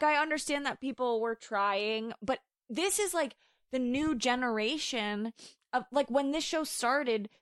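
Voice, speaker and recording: Podcast co-host: chatty young woman, a bit high-pitched, dry close sound, casual. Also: dry recording. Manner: chatty, lots of "like" fillers, playful. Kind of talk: casual chat.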